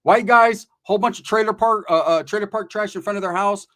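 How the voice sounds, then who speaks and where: A man's voice: high voice, a little fast, fairly bright tone. A man from Central California telling a comedic story in rambling, profane street slang.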